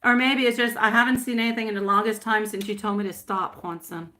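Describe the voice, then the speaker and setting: A woman's voice: medium pitch, little pitch movement, fast talker, pushed and bright, a little hiss or hum. A woman reading tarot on a live stream in casual chat, affectionate and laughing often, calling viewers my love and sweetie pie.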